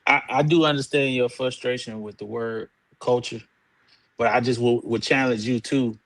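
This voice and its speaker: A man on a podcast panel pushing back in a measured way and swearing casually. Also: medium pitch, steady tone, a bit bright, no echo, rough recording.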